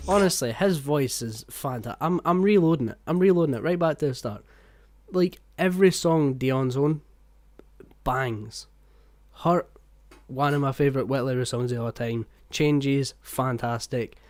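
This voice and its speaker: A man, a music reaction YouTuber, talking in an excitable, swearing, exclamatory way. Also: medium pitch, measured pace, no echo. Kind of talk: casual reaction commentary.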